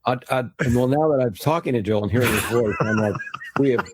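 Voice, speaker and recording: A man's voice: medium pitch, fast, background noise. An American man, a guest impressionist, telling wry stories in a casual podcast interview. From United States. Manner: wry, storytelling, restarts often.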